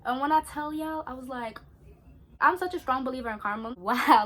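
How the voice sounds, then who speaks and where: A young woman, chatting in an animated, slangy way as she tells a story during her skincare routine. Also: high-pitched, normal speed. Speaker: beauty vlogger.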